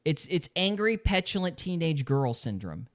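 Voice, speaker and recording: A man's voice: fairly high pitch, very animated, moderate pace. A man hosting a podcast in casual chat, opinionated and mocking others in quoted voices. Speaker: podcast host.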